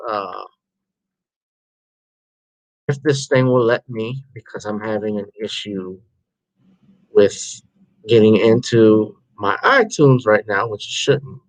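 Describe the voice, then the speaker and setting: A man's voice: on the low side, slow, long pauses, dry recording, muffled recording. A tired man hosting a casual live stream, talking in a rambling, informal way that trails off and restarts. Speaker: livestream host.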